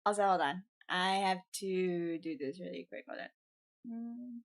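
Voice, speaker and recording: A woman's voice: fairly low pitch, measured pace. A woman streamer chatting casually with her viewers during a game stream, blunt and swearing freely. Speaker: VTuber streamer.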